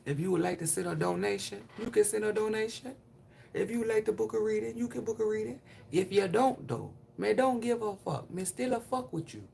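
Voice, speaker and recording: A woman's voice: medium pitch, lively intonation, fairly quick, gravelly, a little mellow, a little hiss or hum. A woman giving a casual tarot reading on a live stream. She is blunt, chatty and profane, and talks straight to her viewers. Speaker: tarot reader.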